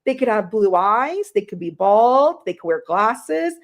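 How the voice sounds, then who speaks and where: A woman's voice: mid-range voice, very animated, unhurried. A middle-aged woman giving a chatty live-stream tarot reading, greeting viewers by name and swearing casually. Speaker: tarot reader.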